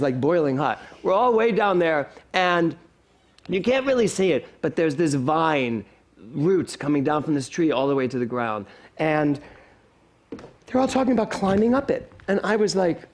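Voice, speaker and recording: Animated storytelling male pastor. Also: on the high side. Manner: animated, self-deprecating humor, chuckles often. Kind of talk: storytelling sermon. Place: spiritual center sanctuary.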